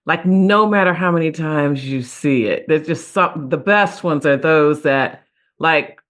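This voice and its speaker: A woman's voice: low-pitched, measured pace, a bit bright. Woman host with affirming backchannels. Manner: frequent affirming backchannels and laughs. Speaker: podcast host. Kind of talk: conversational interview.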